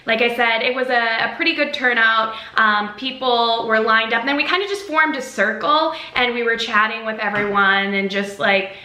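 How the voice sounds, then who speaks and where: Young woman vlogging a storytime, super bright voice, kinda high, echoey room. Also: steady tone, moderate pace, few pauses. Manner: chatty, full of "like" and "um". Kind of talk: storytime vlog. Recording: roomy echo.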